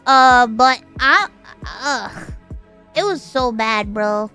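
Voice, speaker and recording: High, lively woman ranting on stream. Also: very slow, clean tone, faint music behind. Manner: exasperated, swearing, incredulous rhetorical questions. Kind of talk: casual livestream rant.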